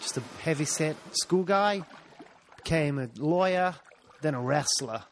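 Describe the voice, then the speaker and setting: A man's voice: on the high side, measured pace, slight background noise. A man co-hosting a comedy show, joking along and interjecting mate over and over. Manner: jokey, keeps interjecting mate. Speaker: comedy podcast co-host. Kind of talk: mock Australian banter.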